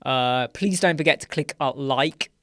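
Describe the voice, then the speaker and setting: A man's voice: medium pitch, a little slow, pushed and bright, dry recording, studio quality. A British man hosting a casual live chat stream, rambling through filler words and often ending points with "right?". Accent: British English. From United Kingdom. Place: small dark room with sound panels.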